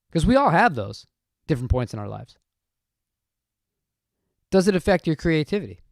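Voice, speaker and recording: A man's voice: mid-range voice, dry recording, studio quality. A man hosting a casual live-stream chat, rambling and talking to viewers in the chat. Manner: rambling, chatty, reads chat aloud. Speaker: channel host.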